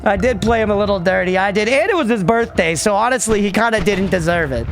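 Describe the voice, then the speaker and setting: A man's voice: high voice, fast talker, hardly any pauses, fairly bright tone, soft background music. A man in his thirties streaming a game, rambling casually, laughing often and swearing to chat. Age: 30s. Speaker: livestreamer. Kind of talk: casual gaming commentary to chat.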